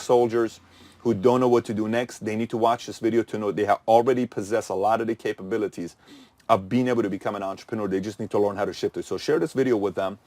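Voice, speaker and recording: Low-voiced man, punchy motivational talk. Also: a little mellow. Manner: punchy, rhetorical questions and answers. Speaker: channel host.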